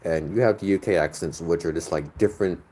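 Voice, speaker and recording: A streamer in his thirties with a low-pitched, mellow voice reads chat and talks a little fast. His casual conversation with the audience is crude, joking, and rambling.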